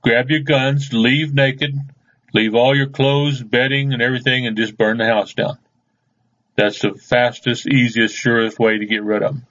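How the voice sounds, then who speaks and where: A man's voice: mid-range voice, fairly even intonation, normal speed, fairly bright tone, muffled recording. A man hosting a radio show, rambling through news stories in a folksy, casual way and chuckling at his own stories.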